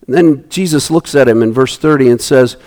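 A man preaching a sermon, animated, acting out the people in his story with big jumps in his voice and often restarting his phrases. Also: mid-range voice, a little fast. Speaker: pastor.

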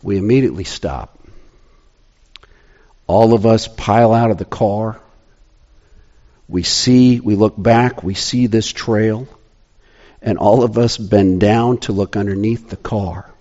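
A man telling a personal story in a sermon, animated, rising to excitement and dropping to hushed tones. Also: fairly low pitch, slow, long pauses, highs cut off.

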